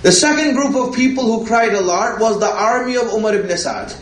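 A man's voice: high voice, expressive, a little fast. A man preaching a religious sermon, repeating himself and asking "right?" as he goes. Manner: repetitive, rhetorical, often asks "right?". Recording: echoey room.

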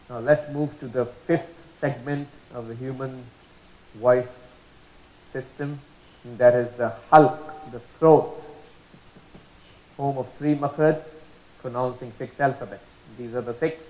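Patient male teacher in an echoey room. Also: medium pitch. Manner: patient, repeats and drawls out letter sounds as demonstrations. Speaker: Quran recitation teacher. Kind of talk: explanatory lesson.

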